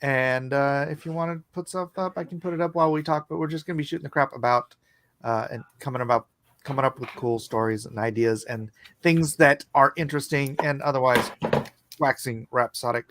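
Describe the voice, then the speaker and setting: A man's voice: medium pitch, a little fast, fairly bright tone. A man hosting a casual online chat while drawing, rambling and jokey. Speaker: host.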